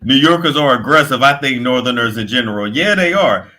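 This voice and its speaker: A young man giving casual, profane gossip commentary, animated and quick to react, sometimes slipping into put-on accents. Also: mid-range voice. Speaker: commentary host.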